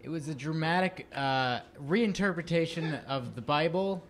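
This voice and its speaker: A man with a fairly high voice chats as a guest at a live show, pausing often with fillers. Faint noise hums in the room. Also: expressive, a bit bright. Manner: hesitant, with many fillers. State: sunburned. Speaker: guest performer. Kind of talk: casual onstage chat.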